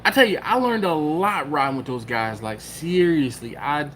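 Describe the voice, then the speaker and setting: A man from the Philadelphia area hosts a YouTube live stream, telling a story casually in a slightly high voice at normal speed. He's animated, acting out the quotes and even the cat sounds, with a little hiss or hum in the background.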